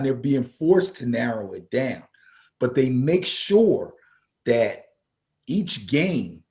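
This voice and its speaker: This man co-hosts a casual football talk show in the style of relaxed sports radio chat. His voice is fairly high with a darkish tone, and he's emphatic, repeating words whenever he gets fired up.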